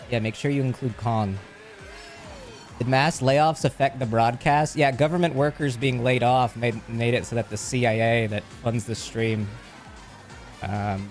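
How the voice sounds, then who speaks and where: A man livestreaming casually, rambling and joking while he reads chat aloud and thanks subscribers. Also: medium pitch.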